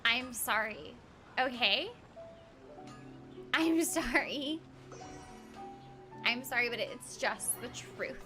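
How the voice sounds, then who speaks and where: A woman's voice: a little high, takes it slowly, pauses often. A woman voice actor chatting casually with viewers during a game live stream, playful, giggly and teasing herself. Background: game music.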